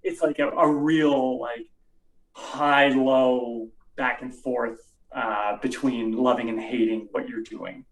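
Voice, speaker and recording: A man's voice: medium pitch, slow. A man who plays in a band, chatting in an interview, rambling with lots of fillers. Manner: rambling, animated, many fillers. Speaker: musician guest. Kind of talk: casual interview chat. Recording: roomy sound from off the mic.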